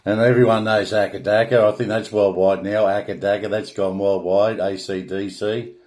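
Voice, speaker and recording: A man's voice: on the low side, flat delivery, moderate pace, a little mellow. An Australian man ranting bluntly through a rambling monologue, swearing often and restarting his sentences. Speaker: vlogger.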